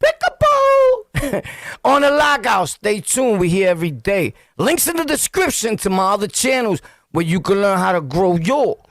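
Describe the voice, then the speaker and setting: Middle-aged New York man, vlogger storyteller, lively high voice with gravelly edges, dry close sound, slangy and laughing. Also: moderate pace, dry recording. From Brooklyn, New York. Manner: acts out scenes with loud yelps and sound effects; slangy, laughing, talks straight to viewers. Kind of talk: animated street storytelling.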